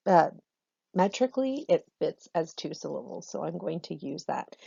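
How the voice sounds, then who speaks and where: A woman's voice: lowish voice, lively intonation, normal speed, vocal fry, warm tone, breathy edge, no room sound, muffled recording. A woman drama teacher giving a recorded online lesson, chatty and self-correcting, laughing often.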